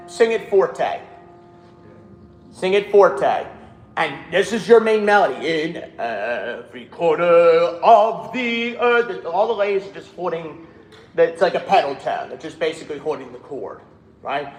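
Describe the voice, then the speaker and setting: A man's voice: high-pitched, lively intonation, measured pace, pauses often, reverberant, faint music behind, low-quality recording. A man leading a choir rehearsal, coaching the singers, counting them in and singing short phrases to show them. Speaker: choir director. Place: rehearsal room.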